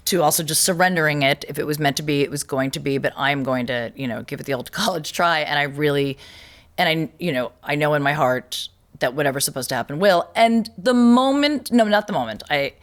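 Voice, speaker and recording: Woman, podcast host, slightly low voice, casual storytelling, lively quoted voices. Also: a little fast. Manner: animated storytelling, acts out quoted voices, laughs often. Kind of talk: casual conversation.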